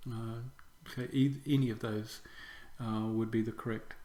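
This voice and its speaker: A man teaching Greek vocabulary in a slow lesson. He repeats each word for drill and fills pauses with "uh". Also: lowish voice, steady tone, warm tone. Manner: slow, repeats words for drill, many "uh" fillers. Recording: echoey room with faint background noise.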